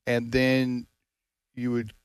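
A man's voice: mid-range voice, monotone, slow pace, smooth. A rambling man hosts a radio fundraiser, his words looping back on themselves as he chats with the studio. The room sounds close and dry, with no echo behind him. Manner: rambling, repeats words, laughs often. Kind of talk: casual studio chat.

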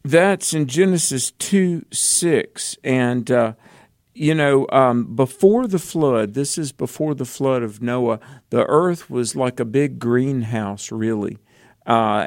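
A man's voice: mid-range voice, darkish tone, no room sound, clean studio sound. A man co-hosting a Christian call-in radio show, explaining in an earnest way with frequent fillers.

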